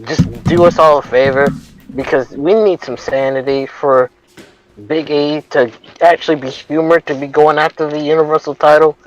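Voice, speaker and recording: A man on a podcast panel, wry and joking, turning serious points into gags. His voice is somewhat high for a man. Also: steady tone, moderate pace, low-quality recording. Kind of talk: casual chat.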